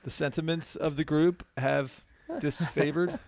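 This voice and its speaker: A man's voice: a little high, steady tone, a little slow, gravelly, a little mellow, no echo. A man hosting a podcast in casual, joking chat, rambling a little with ums. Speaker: podcast host.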